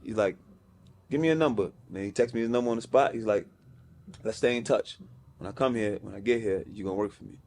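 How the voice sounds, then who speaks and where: Somewhat low and a little mellow, this man speaks at a quick pace with slight background noise behind him. He's a music executive from Brownsville, Brooklyn, with a New York accent, guesting on a podcast and telling a slangy story while voicing the people he quotes.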